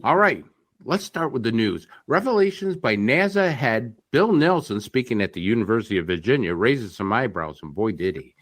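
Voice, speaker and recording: A man's voice: mid-range voice, big pitch swings, moderate pace, dry recording. A man co-hosting a radio show, chatting casually and reading news with folksy joking asides.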